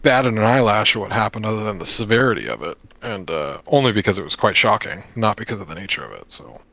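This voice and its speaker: A man's voice: fairly low pitch, very animated, fast, vocal fry, bright, forceful tone, no echo, lo-fi sound, heavily acted. A man playing a frank adventurer who bargains for his team in a loose, conversational way. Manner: loose and conversational, full of fillers.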